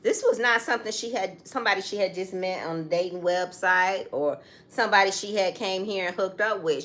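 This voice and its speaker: A woman's voice: medium pitch, a bit bright. A middle-aged woman co-hosting a casual talk show, telling a story emphatically and turning to the audience with direct asides. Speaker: co-host. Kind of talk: casual chat.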